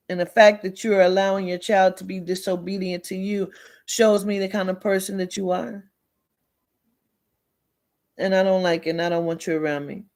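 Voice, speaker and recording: A woman's voice: medium pitch, darkish tone. A woman hosting a livestream, lecturing viewers bluntly and emphatically with heavy swearing, and answering commenters by name. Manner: lectures sternly with repeated warnings. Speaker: livestream host. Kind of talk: live chat with viewers.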